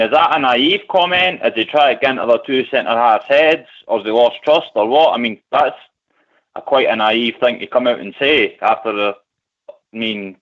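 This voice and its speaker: A man with an Edinburgh accent calling a radio phone-in, blunt and questioning. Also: medium pitch. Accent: Scottish, Edinburgh. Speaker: caller. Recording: lo-fi phone-in audio.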